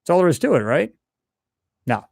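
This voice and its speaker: A man's voice: a little high, big pitch swings, brisk, vocal fry, a little mellow, dry recording, studio quality. A man hosting a live stream, chatting loosely and rambling as he reads out viewer comments. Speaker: channel host answering live chat. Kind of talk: casual live-stream chat.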